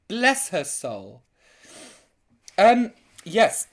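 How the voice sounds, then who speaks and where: A woman's voice: fairly low pitch, huge pitch swings, moderate pace. A woman hosting a live online chat show, camp, theatrical and gossipy in her comic banter.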